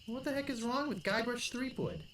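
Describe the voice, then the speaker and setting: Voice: mid-range voice, expressive, fairly quick, a bit bright, slight background noise, close to an everyday voice. An actor voicing a young man who wants to be a pirate, in a game, earnest and naive. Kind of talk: video game voice acting.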